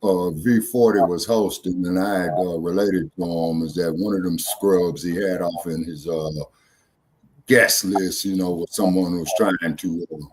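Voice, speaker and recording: A man's voice: sits low, fairly even intonation, measured pace, slightly rough. A man hosting a casual talk show, easygoing and drawn out, with many fillers. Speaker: host.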